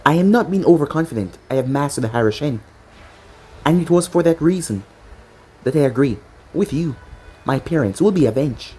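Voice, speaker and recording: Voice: mid-range voice, animated, moderate pace, long pauses, mellow, husky. A narrator as a cold resolute young ninja. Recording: faint music behind.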